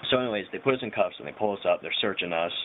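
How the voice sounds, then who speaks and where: A man's voice: deep voice, racing. A young man casually telling a rambling personal story, full of slang and fillers. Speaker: vlogger. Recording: tinny phone-like audio with faint hiss.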